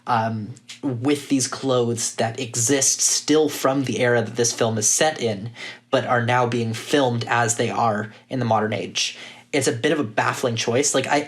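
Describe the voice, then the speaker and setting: A man co-hosts a casual podcast with a mid-range voice. He is opinionated and blunt, slipping in jokes while he makes his case. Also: mid-range voice. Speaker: podcast co-host.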